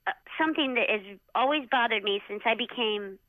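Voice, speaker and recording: Brief: middle-aged woman, high bright pitch, chatty animated storyteller, dry dull lo-fi audio. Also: fairly quick, no room sound. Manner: animated, acts out others' lines with many "like" fillers. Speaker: interview guest, former jockey. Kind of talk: casual storytelling interview.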